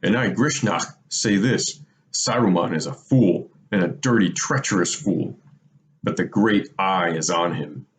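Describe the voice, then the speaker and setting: A man reading aloud voices a sly orc messenger who speaks softly and sneers. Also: sits low, unhurried. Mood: sneering. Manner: sneering, soft-spoken.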